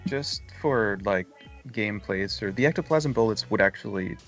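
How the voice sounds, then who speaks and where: A man's voice: on the low side, animated, normal speed, a bit bright, highs cut off, faint music behind. A man playing a tabletop game, talking hesitantly and thinking aloud. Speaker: player.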